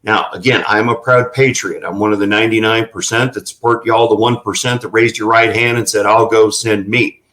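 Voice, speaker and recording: A man's voice: fairly low pitch, fairly even intonation, brisk, hardly any pauses, fairly bright tone, poor audio. A man telling folksy anecdotes in a casual interview, with plenty of fillers. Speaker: ranch representative.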